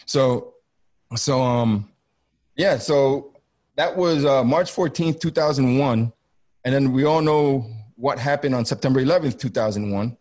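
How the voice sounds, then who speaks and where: A middle-aged man, a former federal border agent, telling a gripping first-hand story on a video call in an intense, halting way that keeps circling back and repeating itself. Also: mid-range voice, a little mellow.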